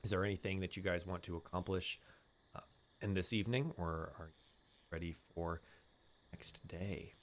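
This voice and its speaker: A man narrating as game master of a tabletop game, halting with many fillers. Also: deep voice, steady tone, slight background noise.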